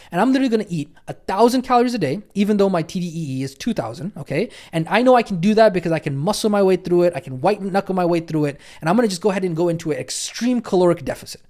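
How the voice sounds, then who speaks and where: A man's voice: sits high, darkish tone. A man doing a cocky, overeager dieting student.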